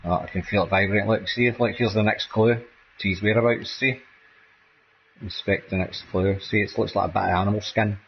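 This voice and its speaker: A man's voice: lowish voice, steady tone, a little fast, vocal fry, muffled recording, a little hiss or hum. A man with a Scottish accent chatting casually while playing a game, rambling and tagging nearly every sentence with "man" or "mate". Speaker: gameplay streamer. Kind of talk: casual gameplay chat.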